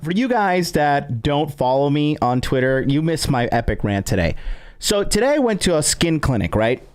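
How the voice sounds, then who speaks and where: A man's voice: a little high, very animated, normal speed. A man hosting a podcast stream, commenting on a played clip and reading out his live chat in an upbeat way. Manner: upbeat, reading out chat, addressing viewers directly. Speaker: podcast host.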